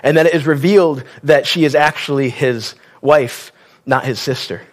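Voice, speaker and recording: A male preacher delivers a sermon in a relaxed, conversational tone. He drops wry asides and questions aimed at the congregation. His voice sits a little higher than most men's. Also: moderate pace.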